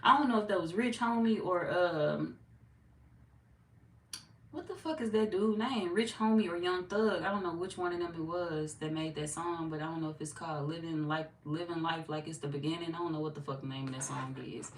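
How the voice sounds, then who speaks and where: A woman's voice: on the low side, a little fast. A woman chatting casually as a tarot reader, laid-back and talkative as she reads viewer comments aloud. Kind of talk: casual live-stream chat. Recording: echoey room, mic far off, noisy.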